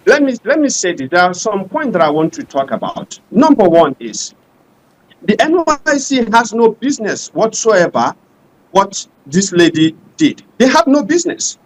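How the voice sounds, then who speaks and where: A man's voice: sits high, sing-song, normal speed, low-quality recording. A man making an impassioned, rhetorical case as a panel guest in a debate.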